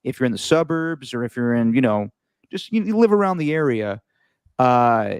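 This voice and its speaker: Animated man telling a story on a podcast. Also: mid-range voice, moderate pace, clear, resonant tone, no echo. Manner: animated, repeats words and restarts while telling stories. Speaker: podcast host. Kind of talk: casual storytelling chat.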